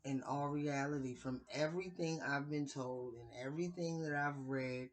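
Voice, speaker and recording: A woman in her late thirties shares her opinions in a casual vlog, her voice deep with a darkish tone over poor audio. She speaks deliberately and conversationally, throwing in playful, dramatic asides.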